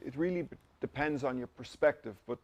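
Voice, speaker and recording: Irish man, gravelly voice, relaxed storytelling, acts out quoted dialogue. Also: medium pitch, a little fast. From Ireland. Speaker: interview guest, company director. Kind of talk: casual storytelling chat.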